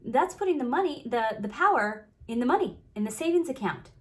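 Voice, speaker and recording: A woman's voice: on the high side, animated, fairly quick. A woman coaching viewers on manifesting in an emphatic motivational talk, repeating key phrases and stretching words for stress.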